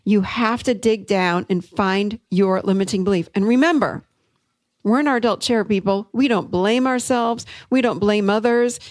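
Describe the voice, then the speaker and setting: A middle-aged woman hosting a podcast, telling a coaching story in an upbeat, animated way. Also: medium pitch, normal speed, dry recording. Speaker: podcast host and therapist. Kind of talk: solo teaching talk.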